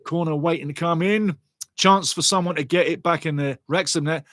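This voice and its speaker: A man giving lively, chatty live football watchalong commentary and greeting viewers in the chat. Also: a little high, normal speed, no echo.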